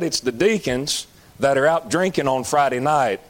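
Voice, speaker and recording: A man with a Southern accent preaching a sermon in a folksy, emphatic way, shouting at times. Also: on the high side, moderate pace.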